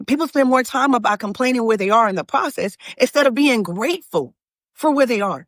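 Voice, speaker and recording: High-voiced woman preaching motivation. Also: fairly quick, dry recording, studio quality. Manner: preachy, animated, folksy, addresses viewers as y'all; frequent restarts and fillers. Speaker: manifestation coach and channel host. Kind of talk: motivational talk to camera.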